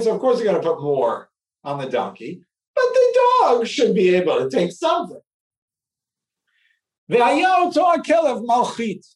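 A man teaching a text study lecture, animated and acting out the story, checking in with his listeners. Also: sits high, far from the mic. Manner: animated, acts out the story, asks "right?" often. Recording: roomy echo, speaker away from mic.

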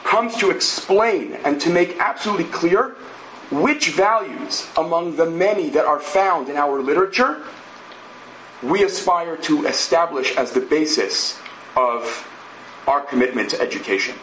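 Measured male lecturer in an echoey room. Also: a little high, lively intonation, a bit bright, a little hiss or hum. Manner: measured, explanatory, thinks aloud with asides and tag questions. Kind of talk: academic lecture.

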